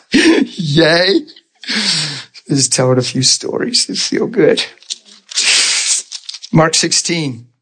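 A man preaching a sermon, telling stories in an animated way and jumping up in pitch when he acts them out. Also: drawn-out words, long pauses, breathy edge. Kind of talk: storytelling sermon.

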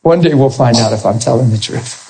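A man preaching a sermon as pastor, animated, moving between soft asides and high, straining peaks. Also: a little fast, breathy edge, low-quality recording.

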